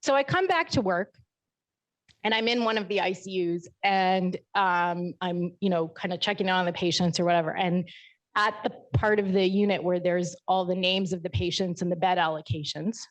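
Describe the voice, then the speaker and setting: A woman physician giving a keynote talk, telling stories in a lively, humorous and frank way. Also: fairly low pitch, normal speed. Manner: lively, humorous storytelling, self-mocking, frank.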